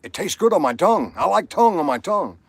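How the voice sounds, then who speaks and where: A man's voice: sits high, very animated, fast talker, gravelly, slightly rough, no echo. Rambling man on a livestream, dry sound. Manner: rambling, reads viewer comments aloud. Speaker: livestream host. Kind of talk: casual chat.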